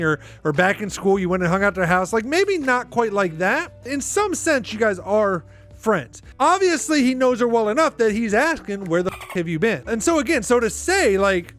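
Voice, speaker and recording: High-voiced man hosting a rambling podcast. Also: a bit bright. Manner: rambling, exasperated, heavy use of "like". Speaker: podcast host. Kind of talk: casual reaction commentary.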